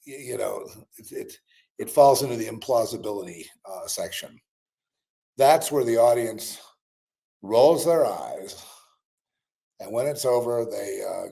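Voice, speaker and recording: A man's voice: medium pitch, gravelly, a little mellow. A man hosting a podcast in casual commentary, rambling with fillers and restarts, sardonic and grumbling, tired and yawning. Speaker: podcast host.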